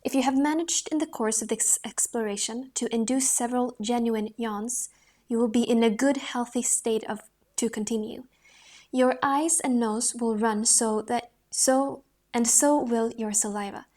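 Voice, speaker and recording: A woman reading a voice-training book aloud in a calm, measured way, with the occasional restart. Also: on the high side.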